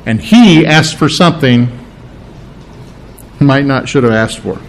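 A man preaching a sermon in a lively, conversational way, with emphatic repetition and joking asides. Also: mid-range voice, measured pace, a little hiss or hum, low-quality recording.

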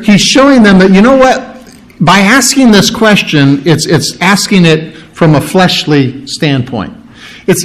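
High-voiced man teaching a sermon. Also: rough recording. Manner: conversational Bible teaching, many restarts and rhetorical questions. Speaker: pastor.

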